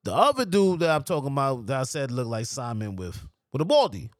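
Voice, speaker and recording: A man from New telling a story casually, animated and profane, mimicking other people's voices. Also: mid-range voice, fairly quick, no room sound, clean studio sound. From New York. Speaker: podcast guest.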